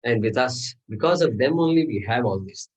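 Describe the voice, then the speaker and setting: A man's voice: mid-range voice, animated, a little fast, darkish tone, husky, muffled recording. A man teaching a scripture class, explaining step by step, often checking in with "okay?" and asking the class rhetorical questions. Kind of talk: classroom lecture. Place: class room.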